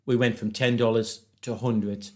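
A man's voice: medium pitch, moderate pace. A man telling a rambling story in casual chat, laughing and acting out voices. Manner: animated, laughs through his stories, acts out voices.

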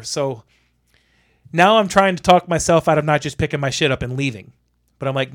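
Animated, cursing man telling a story. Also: on the high side, brisk, pauses often. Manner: animated, profane, exasperated. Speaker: storyteller, electrician. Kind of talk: casual podcast storytelling.

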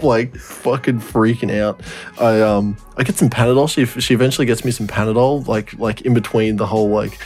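A man's voice: on the low side, steady tone, fairly quick, darkish tone, faint music behind. A young man telling a story in casual podcast chat, rambling, swearing often and laughing through it. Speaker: podcast co-host.

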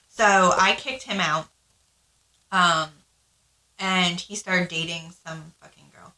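A woman's voice: on the low side, fairly even intonation, slow pace, long pauses, bright, forceful tone, reverberant, rough recording. A woman co-hosting a podcast, telling her story in casual, frank chat, swearing freely and acting out what people said. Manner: frank, swears freely, acts out quoted lines. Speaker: podcast co-host.

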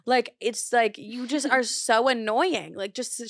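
A woman hosting a podcast in casual chat, talking fast and loose with lots of "like" and swearing, and getting heated as she tells a story. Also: fairly high pitch, a bit bright, no echo, studio quality. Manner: chatty, profane, heavy use of "like"; gets heated while telling a story. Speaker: podcast host.

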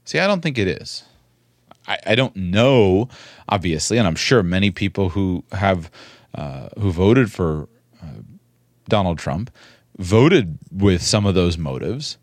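Earnest man with a lively, low voice. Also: no room sound, studio quality. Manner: measured, earnest, repeats words for emphasis. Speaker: commentator. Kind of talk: spoken political commentary.

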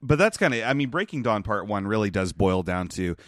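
A young man hosts a podcast and talks through a movie plot in a loose, rambling way. He laughs often and swears casually, in a fairly low voice. The sound is dry and close to the mic. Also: sing-song, fairly quick, fairly bright tone, dry recording. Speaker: podcast host. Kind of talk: casual movie recap chat.

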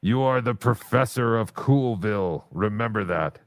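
A man's voice: lowish voice, normal speed, no room sound. A man hosting a casual livestream show, teasing and bossing around his guest. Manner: teasing, mock-bossy. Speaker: podcast host.

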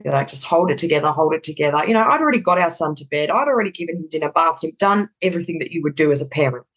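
A woman's voice: deep voice, expressive, racing, husky, poor audio. A middle-aged woman telling a personal story in conversation, candid and casually swearing, acting out the dialogue.

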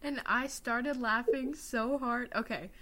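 A young woman co-hosting a podcast, telling stories in a giggly, animated way, swearing now and then. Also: a little high, takes it slowly, crowd noise. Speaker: podcast co-host. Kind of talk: casual chat.

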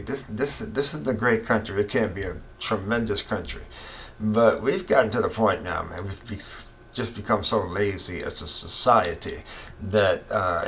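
A man's voice: fairly low pitch, fairly bright tone. A middle-aged man giving an impassioned, repetitive opinion monologue as a political commentator. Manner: impassioned, ranting, repeats himself.

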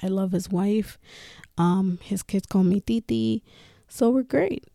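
A woman talks openly on her podcast, swearing freely and laughing between phrases. Her voice is gravelly and dark. The sound is dry and close. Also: mid-range voice, slow, no room sound. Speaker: podcast host. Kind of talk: casual personal talk.

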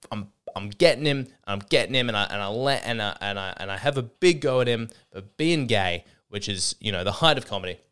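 A young man, a comedian hosting a podcast, telling a stage story in a casual, animated and profane way, often acting out the people he quotes. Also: fairly low pitch, clear, resonant tone.

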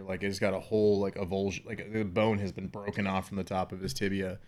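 A man's voice: low-pitched, level tone, a little fast, few pauses. Laughing man telling a rambling story. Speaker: podcast host, father. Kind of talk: casual chat.

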